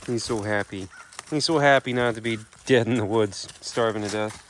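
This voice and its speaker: A man's voice: lowish voice, moderate pace, a little hiss or hum. A man keeping an animal sanctuary, chatting casually on his vlog and cooing affectionately at the animals outdoors. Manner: cooing baby talk to the animals, relaxed explaining. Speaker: animal sanctuary keeper and vlogger.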